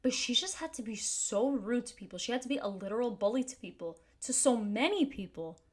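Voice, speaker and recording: A woman's voice: a little high, lively intonation, fairly quick. A woman giving casual spoken commentary to camera, earnest and thinking aloud, with frequent restarts and fillers like "like" and "you know". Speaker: commentary YouTuber.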